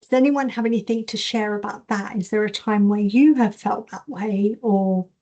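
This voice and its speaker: A woman teaching an online masterclass on intuition. She reads questions from the chat aloud and acts out her inner voices with lively changes of tone. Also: mid-range voice, moderate pace, dull audio.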